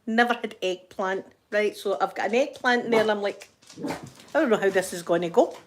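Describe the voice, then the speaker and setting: A woman's voice: mid-range voice, normal speed, slight background noise. Chatty older Scottish woman. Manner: chatty, laughs often, rambling anecdotes. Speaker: vlogger reading live chat. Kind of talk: casual chat.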